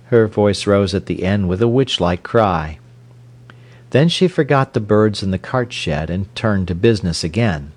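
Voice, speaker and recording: A man narrating an audiobook in a slow, measured, expressive manner. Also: fairly low pitch.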